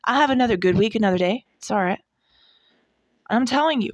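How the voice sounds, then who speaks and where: A devotional podcast host in her forties preaches in an emphatic, folksy way, repeating her points for stress. Her voice is fairly high, animated and a little fast, and the recording is dry with dull audio.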